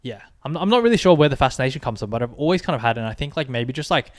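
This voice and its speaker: Rapid, rambling young man. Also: medium pitch, expressive. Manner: rambling, heavy on filler "like" and "bro". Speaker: podcast host. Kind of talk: casual late-night chat.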